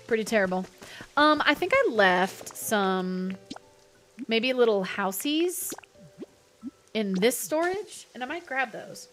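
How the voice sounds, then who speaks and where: A woman's voice: a little high, fairly bright tone. A young adult woman chatting casually while streaming a game, playful and talkative as she reads chat aloud. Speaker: livestreamer.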